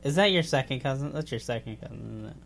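A man's voice: mid-range voice, lively intonation, quick pace, creaky, a bit bright, faint music behind. A man co-hosting a podcast, joking and laughing often in casual chat. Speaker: podcast co-host.

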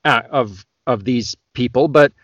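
A Canadian man, an audiobook narrator, talking loudly and excitedly as a podcast guest. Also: medium pitch, unhurried, no echo. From Western Canada. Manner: loud, excitable talker. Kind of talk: casual podcast chat.

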